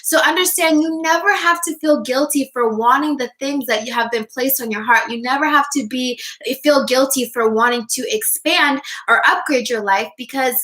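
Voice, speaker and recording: A woman's voice: high-pitched, moderate pace, few pauses, fairly bright tone. A young woman life coach giving a motivational live-stream talk, checking in with frequent "okay?" and "right?". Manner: enthusiastic, repeats "okay?" and "right?".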